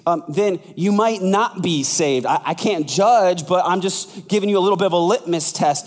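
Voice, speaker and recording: A man preaching a sermon as pastor, conversational and lively, acting out quoted voices. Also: moderate pace, in a large hall. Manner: animated, acts out quoted voices with big pitch jumps.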